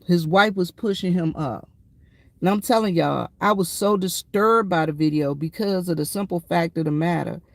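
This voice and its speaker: A woman's voice: on the low side, moderate pace, no echo. A woman veteran speaking to her viewers in a casual, emphatic storytelling monologue, often calling them y'all. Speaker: military veteran vlogger.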